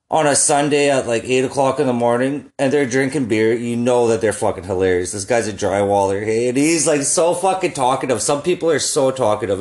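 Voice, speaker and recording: A man's voice: mid-range voice, darkish tone. A young man telling rambling, profane stories in a casual solo chat, often laughing at his own jokes. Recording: echoey room.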